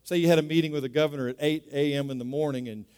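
A man's voice: a little high, steady tone, rapid-fire, a little mellow, clear, resonant tone. A man preaching a sermon as pastor, talking in a conversational way, repeating words and asking the congregation to say them back. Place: church sanctuary. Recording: long reverb of a large hall.

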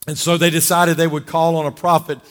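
Fired-up preacher in a reverberant hall. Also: male voice, fairly high pitch, level tone, fairly quick. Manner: fired-up, exhorting, calls for amens. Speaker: pastor. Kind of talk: sermon. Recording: long reverb of a large hall.

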